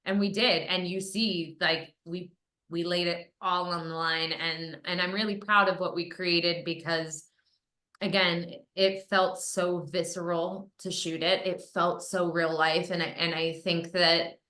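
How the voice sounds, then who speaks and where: A woman film director talking casually in an interview, telling an animated story with frequent laughs. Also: lowish voice, a little slow. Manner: animated storyteller, acts out quotes, laughs often. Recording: roomy echo.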